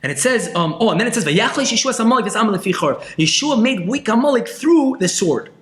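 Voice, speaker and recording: A man teaches Torah with passion, his high voice leaping and dropping as he asks question after question. He goes from loud outbursts to quiet asides, and the room around him rings with echo. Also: lively intonation, fast talker. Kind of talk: Torah class.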